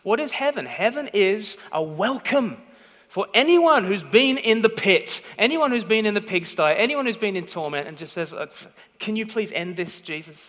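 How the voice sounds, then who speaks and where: A man preaches a sermon in a high, bright, forceful, sing-song voice, telling a story emphatically. He keeps pausing for "okay?" check-ins to make sure his listeners follow, and the hall gives his words a long reverb.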